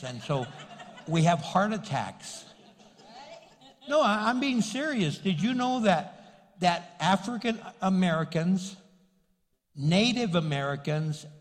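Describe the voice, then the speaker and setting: New mexican pastor guy preaching, jokey, voice jumps all over, big reverby church hall. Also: on the high side. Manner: animated, joking, acts out voices. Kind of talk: sermon. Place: church sanctuary.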